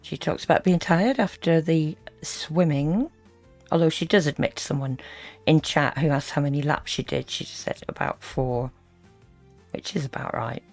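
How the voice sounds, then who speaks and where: A woman's voice: sits low, normal speed, darkish tone, soft background music. A woman giving dry, wry commentary over a played stream. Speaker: reaction video commentator.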